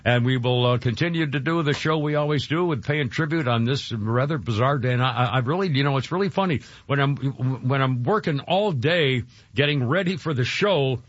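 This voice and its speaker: A man's voice: medium pitch, fairly quick, no room sound. A man hosting a radio talk show, rambling and choked up. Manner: emotional, rambling with many restarts. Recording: dull lo-fi broadcast with faint music.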